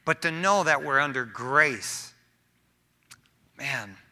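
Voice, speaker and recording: A man preaching a sermon to his church in a casual, animated way, often tossing in "man". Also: mid-range voice, takes it slowly. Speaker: pastor.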